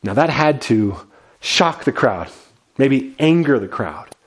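A man's voice: medium pitch, animated, slow. A man preaching a sermon, telling a scripture story with earnest, dramatic delivery. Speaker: pastor.

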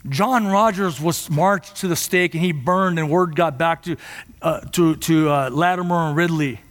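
A man preaching a sermon in a church, impassioned and at times rising to near shouts. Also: a little high, moderate pace, big-room sound. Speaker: pastor.

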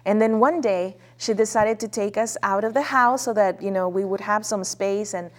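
A woman's voice: medium pitch, moderate pace. Earnest woman telling a heartfelt story. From Mexico. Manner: earnest, heartfelt telling with soft hesitant fillers. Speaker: guest. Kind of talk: casual storytelling.

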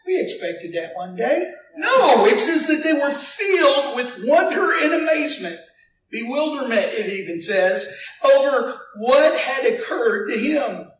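A man preaching a sermon as pastor, animated, with call-and-response to the congregation and playful asides. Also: very high-pitched, unhurried, reverberant, far from the mic, slight background noise, poor audio.

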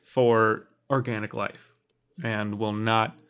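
A man's voice: fairly low pitch, level tone, slow, a bit bright, clean tone, lo-fi sound. A man co-hosting a read-aloud show, joking and laughing easily between passages. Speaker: co-host and reader. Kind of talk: casual banter while reading a novel aloud.

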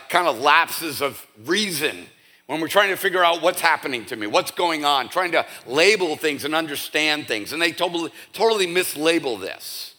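A middle-aged man preaching a sermon as pastor, conversational, dropping to a hush and then rising to emphatic peaks. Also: fairly high pitch. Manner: conversational, swinging between hushed and emphatic. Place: church.

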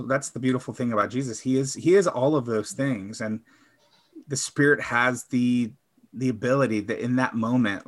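A man reflecting on his faith in a casual conversation, often trailing off softly. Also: mid-range voice.

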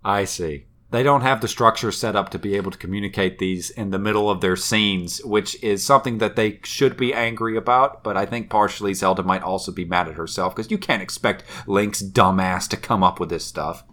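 Wry man retelling a cartoon, lowish voice. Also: brisk, few pauses. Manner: animated storytelling, wry and swearing. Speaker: podcast co-host. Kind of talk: casual chat.

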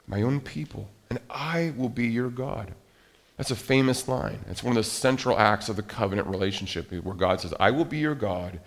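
A man preaching a sermon, reading scripture aloud with dramatic emphasis, swinging between loud urgent lines and quiet drawn-out ones, often correcting himself mid-sentence. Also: on the low side, creaky. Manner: frequent self-corrections and restarts while reading scripture. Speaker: pastor.

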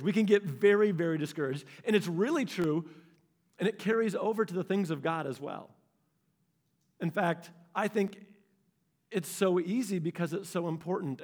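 A young adult man preaching a sermon to a congregation, telling a personal story in an animated way and acting out his own reactions. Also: fairly high pitch. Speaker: pastor.

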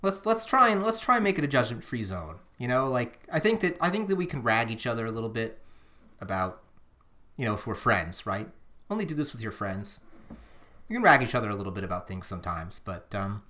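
An earnest podcast co-host talking casually, looping back and restarting thoughts. The pitch sits mid-range, and the voice sometimes drifts away from the microphone. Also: sing-song, brisk, sharp tone. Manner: rambling, self-interrupting, earnest. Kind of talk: casual chat. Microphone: drifting off the microphone at times.

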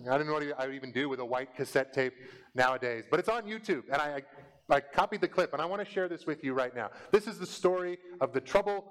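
A man preaching a sermon in an earnest, conversational way. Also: a little high. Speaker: pastor.

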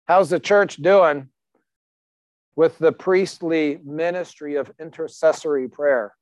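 A man's voice: on the high side, steady tone, slow pace, darkish tone, no echo. A man preaching a sermon as pastor in a conversational, emphatic way, asking the congregation questions.

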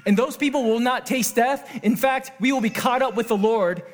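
A man preaching a sermon as pastor, earnest, shifting between hushed intimate passages and excited exclamations, joking with the congregation. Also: extremely high pitch, normal speed.

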